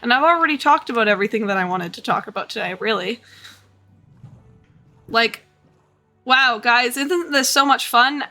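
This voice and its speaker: Woman streamer chatting to chat while she plays, slow and sarcastic, kinda bright voice, little game music under. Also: on the high side. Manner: sarcastic, mock-bored asides to chat. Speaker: live streamer. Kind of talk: casual livestream chat while gaming.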